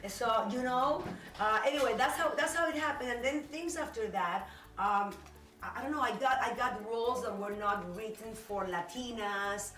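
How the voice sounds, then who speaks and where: A woman in a documentary interview talking haltingly, with frequent restarts. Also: fairly high pitch, fairly bright tone. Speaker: actress interviewee. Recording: roomy, distant mic.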